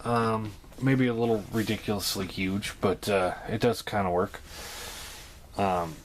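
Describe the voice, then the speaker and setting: This vlog toy review comes from a man with a fairly low voice who speaks at a measured pace. His relaxed, unscripted chat is dotted with ums and uhs, and a constant background noise runs beneath it.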